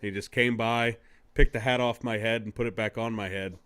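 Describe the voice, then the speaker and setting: A man's voice: lowish voice, fairly even intonation, moderate pace, a bit bright, smooth. A man co-hosting a podcast in casual chat, easygoing and rambling, with lots of fillers. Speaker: podcast co-host.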